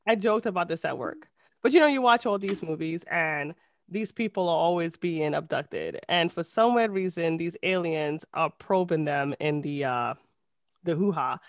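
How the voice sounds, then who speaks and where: A woman's voice: on the low side, expressive, moderate pace, dry recording. A woman co-hosting a podcast with an accent, chatting casually and rambling with giggles. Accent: non-native English accent. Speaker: podcast co-host. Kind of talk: casual chat.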